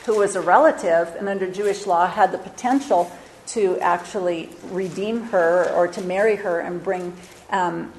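Woman teaching a relaxed sermon. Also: lowish voice, moderate pace, slight background noise, poor audio. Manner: conversational storytelling with fillers; reads scripture aloud. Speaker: Bible teacher.

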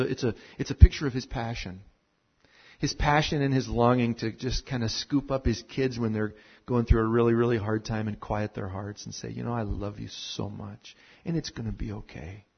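A man preaching a sermon full of personal stories, animated at moments and then dropping to a hushed tone. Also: lowish voice, muffled recording. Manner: animated storyteller who drops to a hushed tone. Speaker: pastor.

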